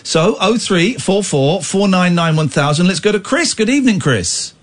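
Male late-night radio host, bouncy animated delivery, playful ribbing of callers. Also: normal speed. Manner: jokey, teasing, breaks into squeaky laughter. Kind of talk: late-night phone-in chat. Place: radio studio.

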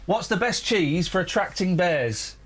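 A radio host with a high voice and lively intonation tells a rambling story at a measured pace in casual studio banter, teasing his co-hosts with mock outrage. He uses a studio microphone, and background noise is audible.

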